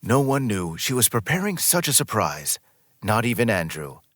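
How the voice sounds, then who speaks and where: A man reading a scripted story as narrator in a smooth, even storytelling manner, close to the mic. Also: lowish voice, normal speed, dry recording.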